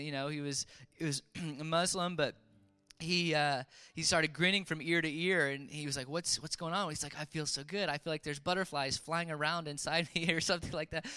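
A man's voice: on the high side, sharp tone, smooth. Man telling a story in an echoing hall. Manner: halting, many restarts and fillers. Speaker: preacher. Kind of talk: sermon storytelling. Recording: long reverb of a large hall.

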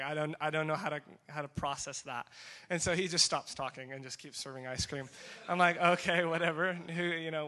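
Young male speaker, bright tone, lively story talk acting out each exchange. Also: a little high. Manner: animated storytelling with acted-out dialogue. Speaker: speaker sharing a mission trip story. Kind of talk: testimony talk to a group.

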